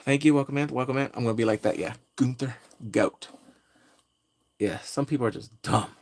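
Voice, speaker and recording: A man's voice: mid-range voice, rapid-fire, darkish tone. A man hosting a pop culture vlog, ranting casually and trash-talking in a brash, jokey way. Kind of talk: casual rant to camera.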